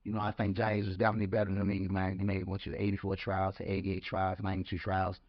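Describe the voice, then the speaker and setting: Speaking fast in a low, monotone voice, a man who used to box shares casual stories on a podcast. He tends to ramble, repeating words whenever he starts a thought, and the recording has a slightly dull, lo-fi quality.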